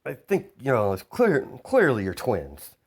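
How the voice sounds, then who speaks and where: A man's voice: mid-range voice, wildly swooping pitch, a little slow, noisy background. A man voicing an eager, hulking male henchman who talks in a blunt, helpful way.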